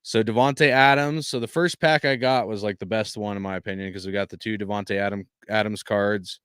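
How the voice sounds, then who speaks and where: A man's voice: lowish voice, steady tone, a little fast, clear, resonant tone, no room sound, clean studio sound. A young man chatting casually on a live stream while opening football cards, swearing and laughing often. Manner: laughing, swearing, loud exaggerated dismay.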